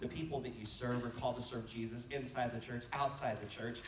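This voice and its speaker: A man preaches to a conference crowd, telling stories and jumping into animated quoted voices. He sounds set back from the mic in a roomy church hall, with faint noise underneath. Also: medium pitch, a little fast, distant mic. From United States. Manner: storytelling, animated quotes, laughing asides. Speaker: pastor. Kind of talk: conference sermon. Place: church sanctuary.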